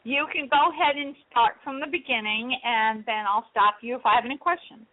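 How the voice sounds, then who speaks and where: A woman hosting a radio show, talking in a soft, hesitant way with many fillers. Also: fairly high pitch, fairly quick, dry recording. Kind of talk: casual radio talk. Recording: dry, tinny phone line.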